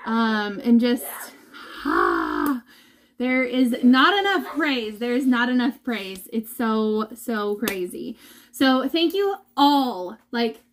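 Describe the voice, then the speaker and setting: A woman's voice: fairly high pitch, wildly swooping pitch, takes it slowly, a little hiss or hum. A woman giving a heartfelt, emotional vlog update to her followers from home, as a mother. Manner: heartfelt and emotional, talks of holding back tears. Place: at home indoors.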